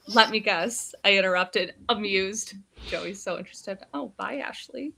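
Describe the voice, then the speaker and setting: A woman's voice: mid-range voice, unhurried, vocal fry. A woman co-hosting a live book discussion over a video call, retelling scenes and reading passages aloud. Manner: reads book passages aloud in a flat retelling, lively reactions. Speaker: podcast co-host.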